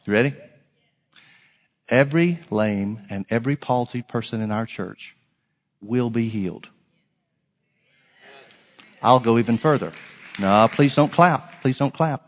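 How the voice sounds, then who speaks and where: A man preaching a sermon as pastor, emphatic, swinging from loud declarations to hushed lines. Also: medium pitch, big-room sound.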